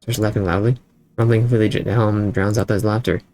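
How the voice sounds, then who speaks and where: A man's voice: fairly low pitch, steady tone, quick pace, mellow. A male streamer reading a text game aloud in his own voice, with casual asides between the lines.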